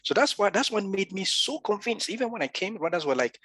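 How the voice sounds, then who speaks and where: A man's voice: sits high, fairly quick, breathy edge, no echo. A man from Gabon in his thirties, a podcast guest talking in a casual interview and acting out the lines he quotes. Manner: animated storyteller, acts out quoted dialogue.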